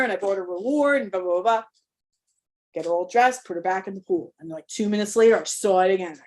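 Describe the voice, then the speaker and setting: A woman's voice: mid-range voice, fast talker, a little mellow. A middle-aged woman leading an online workshop, telling a candid, emotional personal story with many restarts. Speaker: workshop host, parent coach. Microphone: video call.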